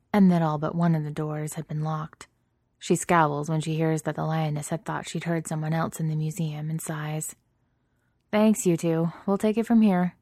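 A woman narrating a story in a steady, even reading voice. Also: low-pitched, no room sound, studio quality.

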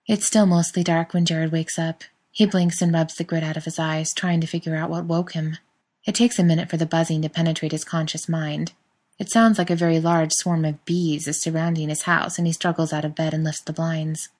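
Female narrator, lower pitch, steady storybook reading. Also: brisk. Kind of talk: scripted narration.

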